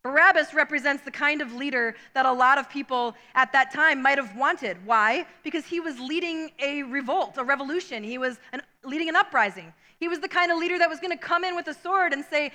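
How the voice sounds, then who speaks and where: A woman's voice: high-pitched, brisk, hardly any pauses, bright, forceful tone, in a large hall. A woman preaching a sermon, reading scripture aloud and then commenting on it in a conversational way.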